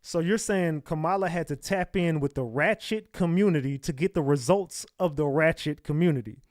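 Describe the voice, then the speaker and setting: Casting: man in the host chair, slightly high voice, dry close sound, mocking and blunt, heavy slang. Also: moderate pace, no room sound. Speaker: commentary host. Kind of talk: casual reaction commentary.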